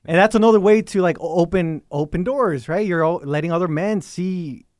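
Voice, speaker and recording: A man in casual podcast chat, quick to laugh and keep the banter moving. His voice sits a little high for a man, and the sound is dry and close. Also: a little mellow, dry recording. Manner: laughs often, quick back-and-forth. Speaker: podcast host.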